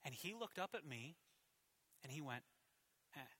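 A man in his thirties preaching a sermon in a church, telling a personal story with animated swings between loud and hushed delivery. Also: on the high side, normal speed, husky. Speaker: pastor.

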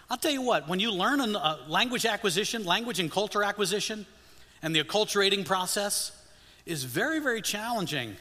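An older man preaching a sermon as a missionary, animated and humorous, leading the congregation in call-and-response. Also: fairly high pitch. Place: church sanctuary. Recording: long reverb of a church hall.

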